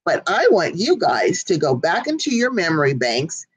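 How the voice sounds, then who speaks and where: A woman's voice: lowish voice, sing-song, moderate pace, slightly rough, no room sound, low-quality recording. A woman co-hosting a casual live talk show, speaking earnestly and directly to her audience. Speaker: co-host. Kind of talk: casual chat.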